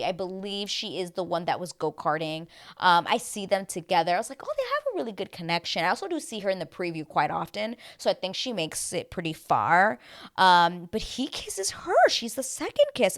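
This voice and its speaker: A young woman chatting casually through a reality TV recap, gossipy and animated, acting out what people said. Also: on the low side. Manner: gossipy, animated, slips into squealing quoted voices.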